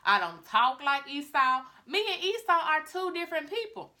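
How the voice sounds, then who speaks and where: A doubtful young man protesting a risky plan, as a woman voices him. The voice is high and bright. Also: sing-song, moderate pace, full character voice. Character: young adult male son, doubtful.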